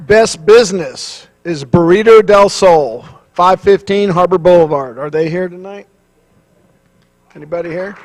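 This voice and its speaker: A man chairing a city council meeting, reading announcements and hesitating often with fillers and restarts. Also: sits high. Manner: halting, many fillers and restarts.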